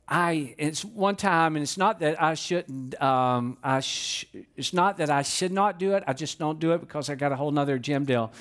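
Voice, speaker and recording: A middle-aged man preaches in a church auditorium, his voice sitting a little high for a man. He tells folksy stories in an easygoing, chatty way, full of asides, as if talking with friends in the pews. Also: a bit bright. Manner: folksy storytelling, conversational asides. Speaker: pastor. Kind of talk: sermon.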